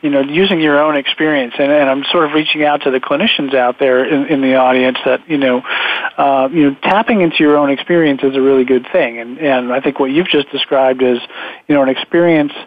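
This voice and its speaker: A man's voice: mid-range voice, steady tone, fairly quick. A man co-hosting a podcast, reflecting aloud with many fillers. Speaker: podcast co-host. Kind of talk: conversational chat. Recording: phone-line sound.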